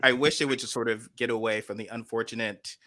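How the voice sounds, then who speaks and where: A man's voice: mid-range voice, fairly even intonation, fast, sharp tone, no echo, clean studio sound. A man hosting a casual video chat, talking in a rambling, enthusiastic way. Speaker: host.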